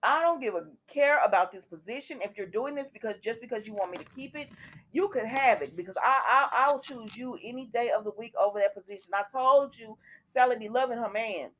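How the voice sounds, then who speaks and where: A woman's voice: a little high, a little fast, a bit bright. A woman recapping a soap opera episode for her viewers in a chatty way, retelling the scenes and quoting what the characters say. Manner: talks directly to viewers.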